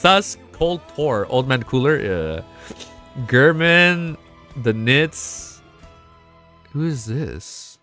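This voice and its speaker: A young man streaming a casual reaction, excitable and swearing often, laughing between remarks. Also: medium pitch, drawn-out words, pauses often, faint music behind. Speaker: streamer reacting to a web novel. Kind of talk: casual live reaction chat.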